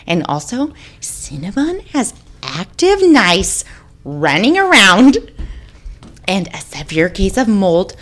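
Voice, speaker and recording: A woman co-hosting a loose comedy podcast. She reads posts aloud with big, lively swings in pitch and a mock-dramatic edge, swearing freely. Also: slow. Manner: animated, swearing, dramatic emphasis while reading. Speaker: podcast co-host. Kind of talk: casual comedic chat, reading posts aloud.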